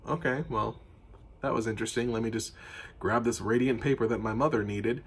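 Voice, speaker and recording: A man's voice: mid-range voice, fairly even intonation, a little fast, husky. A man voicing a passive, bewildered male dwarf in a tabletop game recap, mumbling and apologetic. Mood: sheepish.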